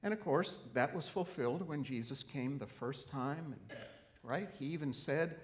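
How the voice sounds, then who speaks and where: A middle-aged man preaching a sermon, telling a story earnestly and then rising into emphatic, animated preaching. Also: fairly high pitch, normal speed. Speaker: pastor.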